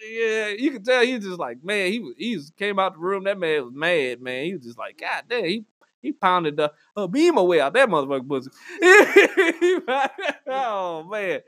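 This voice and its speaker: A man hosting a podcast, telling crude comic stories in an animated way, swearing freely and laughing often. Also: high voice, normal speed. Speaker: podcast host. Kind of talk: crude comedic storytelling. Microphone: studio podcast mic.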